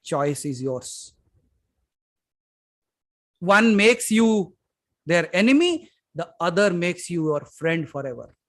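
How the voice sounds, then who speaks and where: A man with an Indian English accent giving a spiritual satsang talk, emphatic, moving from loud to hushed and putting questions straight to his listeners. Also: high-pitched, lively intonation, unhurried. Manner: addresses listeners directly with questions. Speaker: spiritual teacher. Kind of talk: satsang talk to a live audience.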